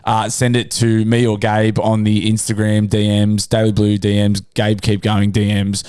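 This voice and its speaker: A man's voice: fairly low pitch, monotone, moderate pace, a little mellow, clean tone, dry recording, studio quality. A man with an Australian accent co-hosting a casual podcast, laughing often and swearing freely. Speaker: podcast co-host. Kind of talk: casual crude podcast chat.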